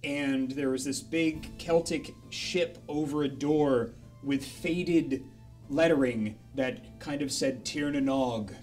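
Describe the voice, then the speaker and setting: A man telling a rambling, animated story live on a charity stream in a casual way. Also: medium pitch, slow pace, faint music behind.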